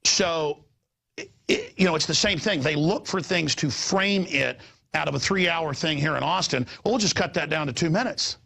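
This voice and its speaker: A man hosting a show, talking in a rambling, animated way, stammering and repeating words. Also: a little high, moderate pace, vocal fry. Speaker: host. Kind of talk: rambling on-air chat. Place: studio in Austin.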